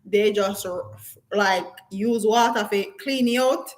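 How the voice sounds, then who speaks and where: A woman's voice: mid-range voice, fairly even intonation, slow pace, rough recording. A woman, chatting bluntly on a live stream and reading viewer comments aloud, with patois turns of phrase and frequent laughs. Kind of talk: casual live-stream chat.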